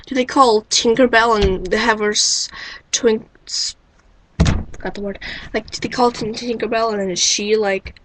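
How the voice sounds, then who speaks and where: A woman's voice: fairly high pitch, fairly bright tone, a little hiss or hum, low-quality recording. Wry incredulous woman on a webcam. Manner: wry, incredulous, full of rhetorical questions. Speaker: vlogger. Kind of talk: rambling webcam monologue. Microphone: built-in webcam mic.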